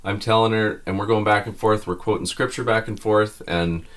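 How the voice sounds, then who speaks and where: Man, low-pitched voice, earnest storytelling, emotional and animated. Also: normal speed. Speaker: guest telling a family story.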